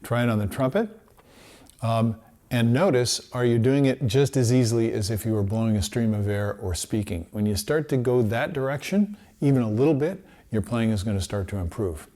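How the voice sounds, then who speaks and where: Male music teacher, easygoing lesson delivery, mid-pitched voice, sounds out syllables to demonstrate. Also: normal speed. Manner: relaxed explanatory, demonstrates syllables aloud. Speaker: trumpet teacher. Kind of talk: instructional lesson.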